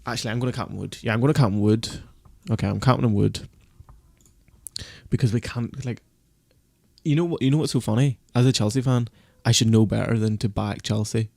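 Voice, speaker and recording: A man on a casual live stream, panicking and berating himself in a fast-swinging, swearing ramble. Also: on the low side, gravelly, a little mellow, dry recording, clean studio sound. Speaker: fantasy football streamer.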